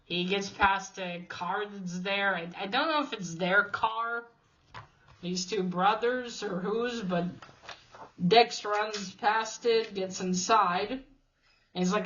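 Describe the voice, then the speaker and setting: A woman talks through a story's plot at an unhurried, slow pace. She halts often and fills the gaps with small fillers and restarts. The recording sounds a little dull and lo-fi. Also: medium pitch, fairly bright tone. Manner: hesitant, halting with many fillers and restarts. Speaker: video host retelling a comic. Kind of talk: casual plot recap.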